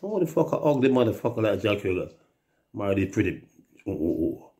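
A man's voice: fairly low pitch, big pitch swings, a little fast, warm tone. A Jamaican man telling rambling, profane stories in casual chat, often mimicking other people's voices. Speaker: reggae artist telling stories on a livestream.

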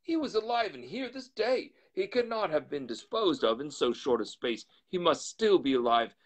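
A man's voice: deep voice, vocal fry, breathy edge, exaggerated voice. A man voicing an agitated middle-aged Victorian lawyer during a live reading of a classic novel, urgent and exclaiming.

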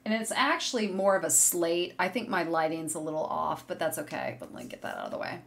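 A woman hosting a knitting video podcast from a room at home, chatting casually and gushing excitedly to viewers as she shows yarn. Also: lowish voice, fairly quick, gravelly. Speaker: podcast host. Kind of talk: casual chat showing yarn on camera. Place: home room with a curtain behind her. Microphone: desk setup facing a monitor.

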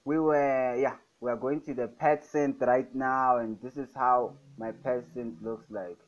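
A man's voice: mid-range voice, fairly even intonation, unhurried, lo-fi sound. A young man casually talking through a music production tutorial, enthusiastic and repeating his catchphrases. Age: young adult. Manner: enthusiastic, repeats "fire, guys". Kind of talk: casual screen-recorded tutorial. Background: loud music playing.

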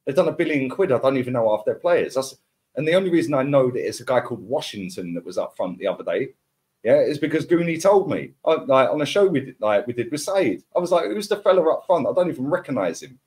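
A man's voice: medium pitch, lively intonation, quick pace, a little mellow. A man, ranting as a football podcast pundit in heated casual chat, full of slang and repeated words.

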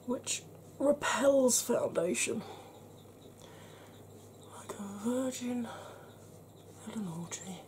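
A middle-aged woman reviews makeup to camera in a mellow, warm voice. She chats frankly with dry humour and sometimes drops to a soft half-whisper. Faint noise hums behind her. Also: fairly high pitch, lively intonation, drawn-out words, long pauses. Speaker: beauty vlogger.

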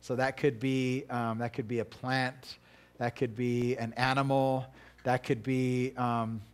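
A middle-aged man preaching in a relaxed, conversational way, mid-pitched and chatty. He stumbles into restarts and self-deprecating asides as he talks. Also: measured pace, smooth. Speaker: pastor. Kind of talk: casual conversational sermon.

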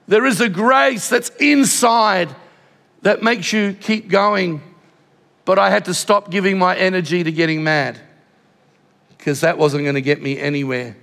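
A man's voice: sits high, creaky. An older man with an Australian accent preaching a passionate sermon as pastor of a church. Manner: passionate, drops to a hushed voice in tender moments. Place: large church auditorium. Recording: long hall reverb.

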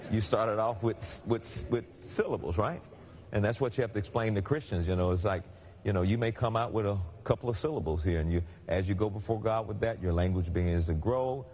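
A man's voice: fairly low pitch, brisk. A man preaching a sermon in a conversational, storytelling way. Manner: conversational, animated storytelling with laughs.

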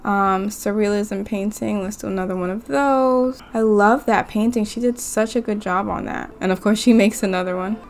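A woman's voice: medium pitch, normal speed, few pauses, darkish tone, slight background noise. A young woman giving casual, chatty commentary while playing a life-sim game and talking to her characters and viewers. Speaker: gaming YouTuber.

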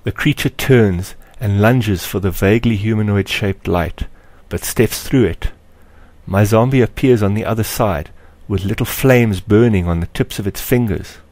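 A man with a low voice narrates a story in a measured, expressive audiobook style. The recording is dry and close, with no room echo. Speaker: author reading his story.

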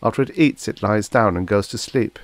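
A man's voice: fairly low pitch, moderate pace, no echo, pitched above the performer's own voice, lightly acted. A man voicing an earnest young male crewman who explains things eagerly in a science fiction audiobook.

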